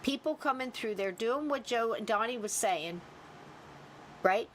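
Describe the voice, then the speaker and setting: A woman's voice: on the high side, unhurried, slight background noise. A woman hosting a podcast, telling a story in casual chat and acting out the people she quotes. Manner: animated, acts out quoted people. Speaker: podcast host.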